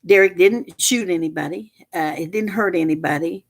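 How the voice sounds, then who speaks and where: Older woman, lowish voice, rambling storyteller, lots of restarts, animated. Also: normal speed. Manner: rambling with frequent restarts and fillers; animated, rises sharply when reliving moments. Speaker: storyteller recounting family events. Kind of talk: casual spoken storytelling.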